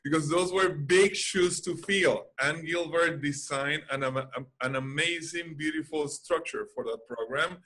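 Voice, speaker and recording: A man who teaches aquatic fitness, talking earnestly and haltingly. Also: on the high side, sharp tone, breathy edge. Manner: earnest, halting, restarts often. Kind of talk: casual webinar chat. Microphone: video call.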